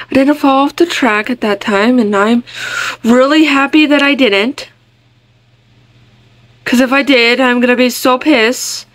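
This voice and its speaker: Slow-talking young woman narrating her game. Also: sits high, no echo. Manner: chatty, easily startled, talks to viewers. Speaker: gaming vlogger. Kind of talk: casual game commentary.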